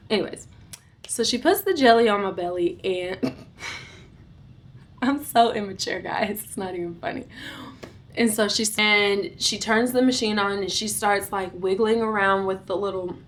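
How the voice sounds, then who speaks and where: A young adult woman vlogger telling a storytime, recounting events in an animated, dramatic way with bursts of giggling. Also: medium pitch, measured pace, pauses often. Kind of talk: storytime vlog.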